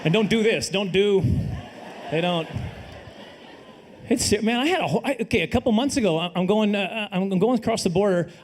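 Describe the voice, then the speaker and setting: Middle-aged Canadian stand-up, dry self-deprecating wit, high-pitched voice, faint room hum behind. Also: male voice, brisk. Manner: dry, self-deprecating delivery with sudden loud put-on voices. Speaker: stand-up comedian. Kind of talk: live stand-up comedy set. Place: comedy stage before a live audience.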